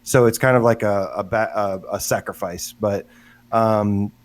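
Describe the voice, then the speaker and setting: A man's voice: lowish voice, steady tone, a little slow. A man co-hosting a live gaming podcast, rambling with hesitant, filler-heavy chat. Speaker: podcast co-host.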